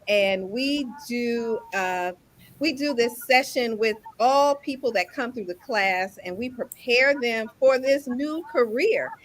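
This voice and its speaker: A woman's voice: fairly high pitch, fairly bright tone. A woman hosting a live online talk show as an insurance instructor, upbeat and enthusiastic.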